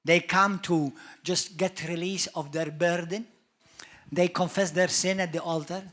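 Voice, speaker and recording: A male pastor with a Maltese accent preaches in a church, bright and forceful in tone. He drives his points hard and slips into quick voices for the people he describes. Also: high voice, fairly even intonation. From Malta. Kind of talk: sermon.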